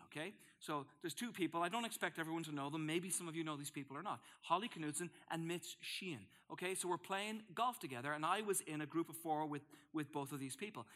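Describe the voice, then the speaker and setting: Male pastor preaching; high, bright voice; lively storyteller who acts out his reactions. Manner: storytelling with acted-out asides. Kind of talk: sermon.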